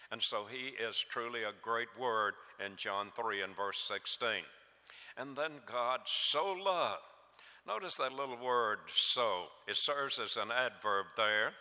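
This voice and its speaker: Guy preaching a sermon, lowish voice, real bright and forceful, long hall echo. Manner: measured, emphatic.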